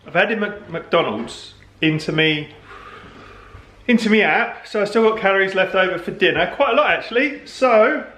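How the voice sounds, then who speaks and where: A man's voice: sits high, expressive, normal speed, bright, forceful tone. A middle-aged British man hosting a family home vlog, chatting casually and jokingly. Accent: British English. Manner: chatty, jokey, says "well nice" and "me app". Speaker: vlog host. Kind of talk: casual chat. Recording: echoey room, faint background noise.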